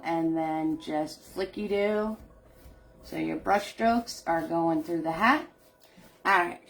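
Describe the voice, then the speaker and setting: Middle-aged woman, unhurried and chatty; live painting host who laughs easily and greets her viewers. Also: medium pitch, fairly bright tone. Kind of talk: casual live painting instruction.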